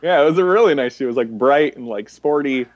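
A man's voice: mid-range voice, animated, fast. Sarcastic man, slightly dull audio. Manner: sarcastic, frequent "like" fillers. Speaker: podcast co-host. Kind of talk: casual movie review chat.

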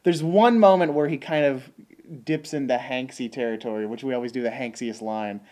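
A man's voice: medium pitch, a little fast, darkish tone. A man co-hosting a podcast, talking casually about a movie with lots of fillers and restarts. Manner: chatty, many fillers and restarts. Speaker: podcast co-host. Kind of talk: casual film discussion.

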